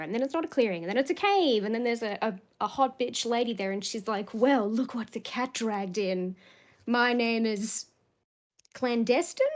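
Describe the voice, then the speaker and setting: Woman player giving a rambling, jokey session recap, full of fillers. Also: on the high side.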